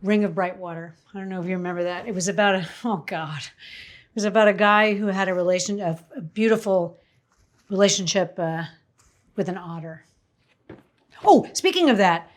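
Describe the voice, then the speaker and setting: A chatty woman in her fifties talks through a recipe while she works, wandering off into stories. Her voice sits at an ordinary middle pitch, and her delivery is casual and unscripted. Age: 50s. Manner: chatty, rambling, laughs often. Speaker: cooking show host. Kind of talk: casual cooking demonstration.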